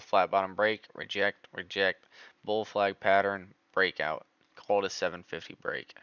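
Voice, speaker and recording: A man streaming live stock trading, talking through charts in a casual, excitable way. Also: low voice, normal speed, clear, resonant tone, no echo, muffled recording. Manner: excitable, groans over missed trades. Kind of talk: live market commentary.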